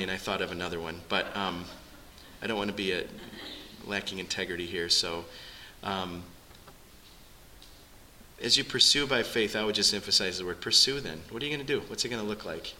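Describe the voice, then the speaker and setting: A man's voice: on the low side, sharp tone, low-quality recording. A man preaching a sermon to his congregation in an earnest, conversational way. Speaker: pastor.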